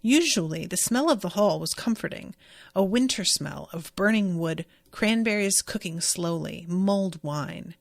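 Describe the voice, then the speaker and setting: A woman's voice: lowish voice, animated, measured pace, creaky, dry recording. A young woman hosting a book podcast, chatting casually, reading passages aloud and reacting with emphatic swearing. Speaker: podcast host.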